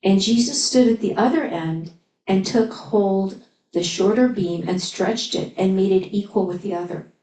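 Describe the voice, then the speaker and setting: A woman's voice: medium pitch, normal speed, dark tone. A woman preaches in a roomy, echoing space, her voice a little distant from the microphone. She reads archaic scripture and stops often to explain it in plain, friendly asides. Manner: reads old scripture aloud, then breaks in with chatty asides and giggles. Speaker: spiritual teacher. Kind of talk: sermon reading scripture with commentary. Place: spiritual center service room. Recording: echoey room, voice from far off.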